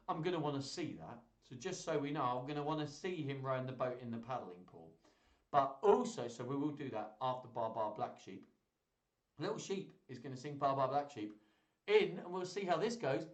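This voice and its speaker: This man has a fairly high voice that sounds roomy, as if recorded in an open space. He hosts a children's music show streamed live, chatting playfully with toys and viewers between songs in a kids' singalong style.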